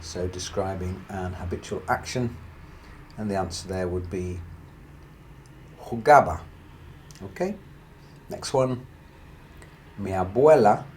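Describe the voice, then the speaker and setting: A man gives a grammar lesson in a low voice, explaining each point slowly and patiently. He works through example sentences one by one in a careful, unhurried way. A faint hiss sits under the recording. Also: darkish tone. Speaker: Spanish teacher.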